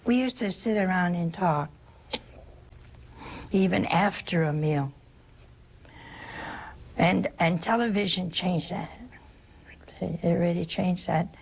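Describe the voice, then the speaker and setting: An older woman from the United States, a religious sister giving an informal spiritual talk in a chatty, anecdotal and gently humorous way. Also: fairly low pitch, slow pace, vocal fry, long pauses, slightly rough.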